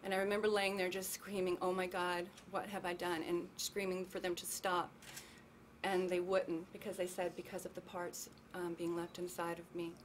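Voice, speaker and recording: Woman, lower-pitched voice, earnest and emotional testimony at a public gathering, faint hiss of room noise behind. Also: level tone. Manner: earnest, emotional, slow when reading. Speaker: testifying speaker. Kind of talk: personal testimony at a public event.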